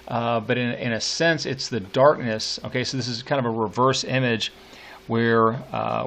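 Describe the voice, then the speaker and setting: A man delivers a recorded poetry lecture in a voice of ordinary pitch. He explains patiently, thinking aloud as he goes. His speech is full of fillers, restarts and small pauses. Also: fairly bright tone. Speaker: literature teacher. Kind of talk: recorded lecture annotating a poem.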